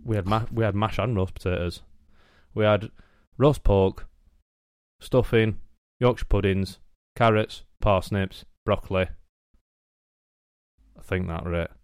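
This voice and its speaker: A man's voice: fairly low pitch, steady tone, a little slow, darkish tone, clear, resonant tone, no room sound, studio quality. A young man with a Northern English accent co-hosting a podcast, chatting in blunt, sweary banter. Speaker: podcast co-host. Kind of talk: casual chat.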